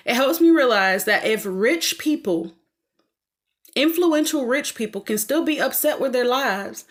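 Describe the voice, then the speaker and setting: A woman's voice: a little high, fairly bright tone. A woman with a Southern US accent chatting casually and rambling as a vlogger while doing laundry at home. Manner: rambling, chatty, laughs often. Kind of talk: casual chat.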